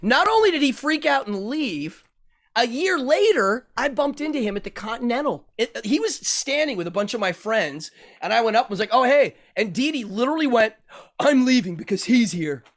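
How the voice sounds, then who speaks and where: A man guesting as a magician and ventriloquist, telling stories in an animated way and laughing often. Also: extremely high pitch, a little fast. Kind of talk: casual interview chat.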